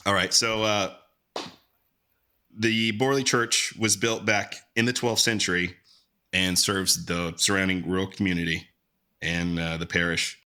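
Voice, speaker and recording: A man's voice: low voice, little pitch movement, a little slow, bright, forceful tone. A man hosting a podcast in casual, laid-back chat, joking and swearing easily. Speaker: podcast host.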